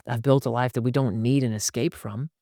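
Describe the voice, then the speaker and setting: A man hosting a casual advice podcast, animated and slipping into quoted voices as he talks. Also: medium pitch, brisk, no echo, clean studio sound. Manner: animated, acts out quoted lines in shifting voices. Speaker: podcast host.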